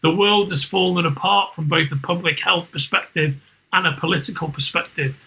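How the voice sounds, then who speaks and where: A middle-aged podcast host with a Liverpool accent rambles loosely, circling back and restarting sentences while swearing freely in casual chat. His fairly high voice sounds bright and tense, and he speaks at a normal speed. The recording is rough.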